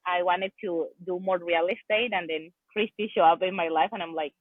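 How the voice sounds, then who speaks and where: A woman's voice: fairly low pitch, fairly even intonation, moderate pace, hardly any pauses, dry recording. A woman who is a business partner, a guest in an interview, answering hesitantly over a remote call, with many restarts and "like". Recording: tinny phone-like line.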